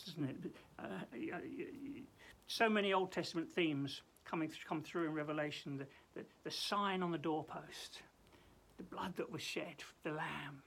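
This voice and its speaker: High-voiced pastor, hesitant. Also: male voice, gravelly, breathy edge. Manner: hesitant, repeats words often, drops to a soft hush. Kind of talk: daily Bible devotional with closing prayer.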